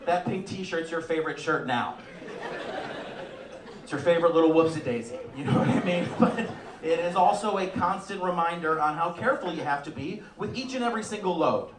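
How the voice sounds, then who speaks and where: Man, stand-up comedian, slightly high voice, deadpan with sudden loud bursts, roomy club sound from a distance, laughing audience. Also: fairly quick, crowd noise. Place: comedy club stage before a live audience.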